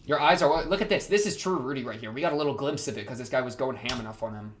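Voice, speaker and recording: A young man hosting an anime reaction, talking casually in a rambling, slangy way with excitable outbursts. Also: mid-range voice, quick pace.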